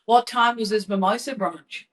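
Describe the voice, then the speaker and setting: A woman co-hosting a podcast, answering in casual chat with quick, teasing quips. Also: medium pitch, steady tone, a bit bright. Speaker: podcast co-host.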